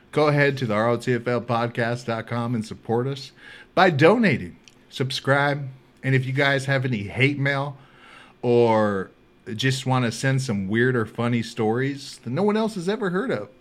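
A man hosting a podcast, telling stories in a casual, animated and profane way. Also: mid-range voice. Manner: animated, profane, laughing storyteller. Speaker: podcast host. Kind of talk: casual storytelling chat.

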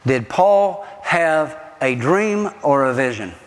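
A middle-aged man, preaching a sermon as pastor, animated, asking the congregation rhetorical questions. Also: fairly high pitch, takes it slowly, long reverb tail.

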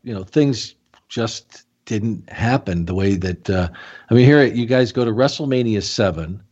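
A man's voice: fairly low pitch, unhurried, a little mellow, highs cut off. A man hosting an interview, asking long rambling questions with many restarts. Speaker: podcast host.

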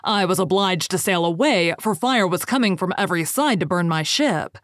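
A woman's voice: fairly low pitch, animated, moderate pace, fairly bright tone, no room sound, studio quality. A woman reading as an urgent ship's captain. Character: ship's captain, a grown man.

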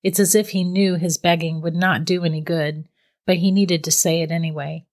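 A woman narrating a story in a steady, measured reading voice. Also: lowish voice.

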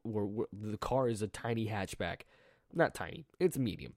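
A teenage boy with a rough, strained throat, chatting casually on his own in a rambling, joking way, full of restarts and self-corrections. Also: lowish voice, expressive, moderate pace, a little mellow, no room sound, studio quality. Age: teens. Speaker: podcast diarist. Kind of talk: casual solo vlog chat.

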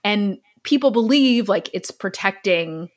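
A woman's voice: medium pitch, animated, unhurried. A woman hosting a podcast, telling a true story in a chatty, earnest way and laughing easily.

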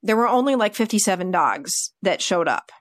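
A woman's voice: medium pitch, normal speed, no echo. Chatty woman dog trainer, dry sound. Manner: chatty, animated, with many fillers like "like" and "you know". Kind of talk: casual podcast storytelling.

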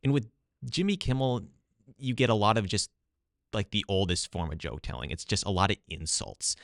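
A man's voice: on the low side, expressive, normal speed, vocal fry, no room sound, studio quality. A man talking casually as a guest about his study, with many "like" and "you know" fillers. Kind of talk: casual political talk.

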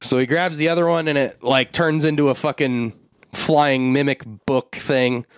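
A man at a podcast mic, recapping a film in a loose, swearing, laughing way with plenty of fillers. His voice sits in an ordinary middle pitch, and the sound is close and dry with no room echo. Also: fairly even intonation, moderate pace, smooth. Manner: loose, profane storytelling that jumps into quoted voices. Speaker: podcast co-host. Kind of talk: casual movie recap chat.

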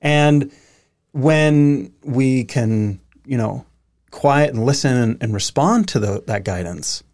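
A man's voice: mid-range voice, expressive, takes it slowly, darkish tone. Earnest reflective male host. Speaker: podcast host. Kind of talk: casual conversation.

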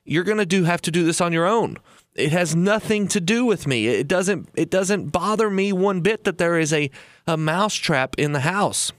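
A man voicing a calm farm cow in a storybook tale who kindly refuses to help. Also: high voice, moderate pace, dry recording, studio quality. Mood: unbothered. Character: unbothered farm cow, friendly but refusing.

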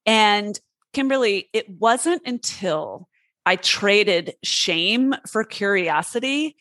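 A woman hosts a podcast in a relaxed, conversational way, talking candidly and poking fun at herself, with an easy laugh. Her voice sits at an ordinary pitch and is recorded dry and close to the mic. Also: takes it slowly, no room sound. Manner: candid, self-deprecating, laughs easily. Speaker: podcast host. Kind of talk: casual conversational chat.

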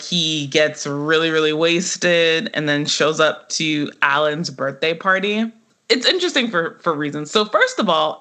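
A woman co-hosting a casual podcast chat, her voice bright and forward. She rambles through episode plots with plenty of "like" and "um" and a relaxed, conversational flow. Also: deep voice. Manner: chatty, full of fillers, quotes characters in animated voices. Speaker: podcast co-host. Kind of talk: casual chat recapping a sitcom.

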